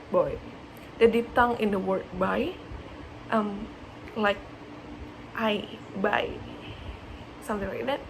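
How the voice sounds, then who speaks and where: A woman's voice: fairly high pitch, low-quality recording. A young woman student explaining a lesson hesitantly, with many fillers and repeated example words. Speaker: student presenter. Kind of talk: explaining in a class presentation. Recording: clear background hiss.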